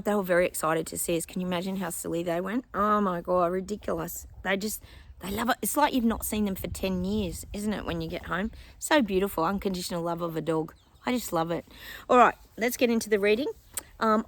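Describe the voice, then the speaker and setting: Middle-aged aussie woman rambling to viewers, laughs a lot, keeps calling them guys. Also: medium pitch. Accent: Australian. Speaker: psychic vlogger. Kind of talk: casual chat to viewers.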